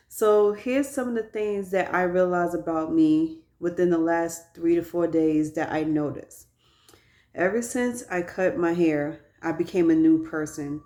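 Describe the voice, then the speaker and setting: Woman in her thirties, candid storytelling, slightly low voice, phone vlog. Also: normal speed, a little mellow. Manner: chatty, candid storytelling to viewers. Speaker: vlogger. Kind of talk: casual personal vlog.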